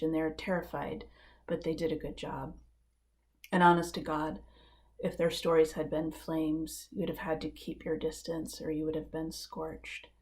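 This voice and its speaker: A woman minister preaching a live-streamed sermon from a living room. Her voice sits low and carries a gravelly edge. She tells her story in a measured, earnest way, leaning on quiet emphasis. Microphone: live-stream setup.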